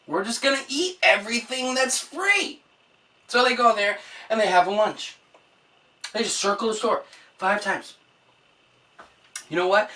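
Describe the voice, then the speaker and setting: A woman vlogger on an exasperated, swearing comedic rant. Her voice is bright and forward. She sits some way back from the microphone. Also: medium pitch, far from the mic.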